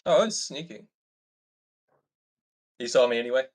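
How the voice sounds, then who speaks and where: A man's voice: medium pitch, expressive, normal speed. A man playing a tabletop game, giving short, easygoing replies and describing his character's moves. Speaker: player. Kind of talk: casual tabletop game play.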